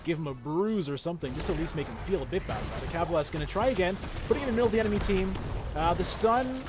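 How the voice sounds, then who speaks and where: A man's voice: high voice, animated, rapid-fire, music in the background. A man casting an esports match play-by-play, with chatty, joking asides to the viewers. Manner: jokey, chatty asides to the chat. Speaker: esports caster. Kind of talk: play-by-play game commentary.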